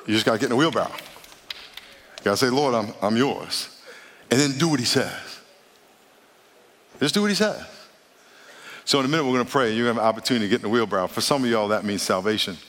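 Male pastor, emphatic sermon delivery, mid-pitched voice, long hall reverb. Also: fast, a bit bright. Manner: emphatic preaching, talks straight to the congregation.

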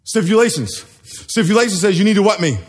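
A man's voice: sits high, animated, a little fast, breathy edge. A man preaching a sermon to a live congregation, joking and quizzing the people in front of him. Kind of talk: sermon with call and response.

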